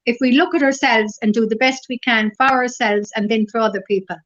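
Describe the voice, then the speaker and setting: A middle-aged woman with an Irish accent, a guest in a casual interview, telling stories gently and rambling through lots of fillers. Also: on the high side, fairly even intonation, a little fast. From Ireland. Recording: dull lo-fi recording.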